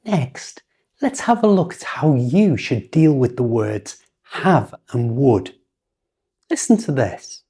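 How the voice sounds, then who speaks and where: British woman, English teacher; patient, unhurried delivery, soft warm tone. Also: very deep voice, big pitch swings, slightly rough. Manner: patient, instructive, over-articulated examples. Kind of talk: slow, clear teaching with model sentences.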